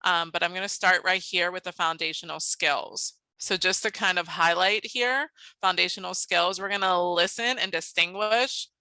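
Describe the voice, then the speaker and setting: Woman, conference presenter, phonics model lesson, bright tone, dry recording. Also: lowish voice, normal speed, hardly any pauses, no echo, rough recording. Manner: upbeat, animated teacher voice in the modeled lesson; explanatory, steady presenter talk. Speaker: teacher presenter.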